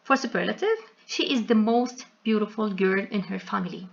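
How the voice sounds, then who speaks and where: A woman teaching an English grammar lesson in a slow, explanatory way, spelling out word endings letter by letter. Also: mid-range voice, vocal fry, lo-fi sound.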